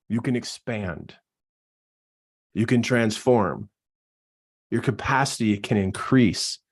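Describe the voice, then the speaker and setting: Brief: man, business coach delivering a punchy motivational pep talk, mid-range voice, driving and repetitive. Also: mid-range voice. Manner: animated, acts out quoted voices.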